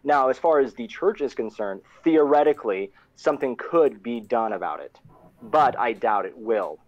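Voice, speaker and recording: Man, mid-pitched, co-host on a live online chat; explanatory, restarts a lot; lo-fi, muffled line. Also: expressive, normal speed. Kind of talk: casual live discussion.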